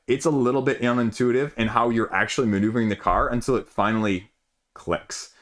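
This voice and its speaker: A man's voice: medium pitch, a bit bright. A man hosting his own board game channel, chatting casually through an unboxing in a rambling way and correcting himself as he goes.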